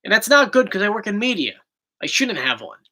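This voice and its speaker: A man's voice: high-pitched, very animated, brisk, bright, forceful tone, low-quality recording. A young man with a South Jersey accent, chatting casually as host of a livestream Q&A and reading viewer questions aloud. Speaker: YouTube host.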